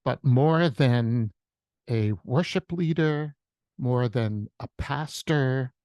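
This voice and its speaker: Worship leader guy talking slow on a prayer call, dry close sound, reflective storytelling. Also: mid-range voice, a little mellow, dry recording. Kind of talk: devotional message on a prayer call. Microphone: video call.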